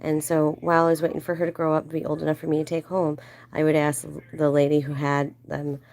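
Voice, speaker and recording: A woman hosting a livestream, telling a casual story in a chatty way and acting out quoted voices in a higher, playful tone. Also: little pitch movement, quick pace, a little mellow. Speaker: livestream host.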